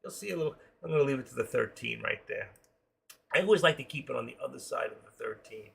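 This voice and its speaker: Older man, New York accent, raspy gravelly voice, chatty live-stream host. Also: medium pitch, lively intonation, quick pace. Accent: New York, with a trace of Florida. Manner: chatty, jokey, talks to viewers while trading. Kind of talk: casual live-stream commentary. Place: home.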